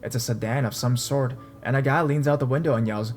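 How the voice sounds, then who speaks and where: Guy narrating scary story, casual and steady, low music underneath. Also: a little fast. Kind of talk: scripted narration of a horror story. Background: faint dark background music.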